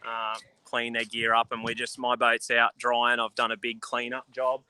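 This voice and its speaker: Easygoing aussie angler guy, bright tone, casual chat. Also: mid-range voice, completely flat delivery, normal speed, clean tone, dry recording. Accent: Australian. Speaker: professional angler guest. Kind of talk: casual video call chat.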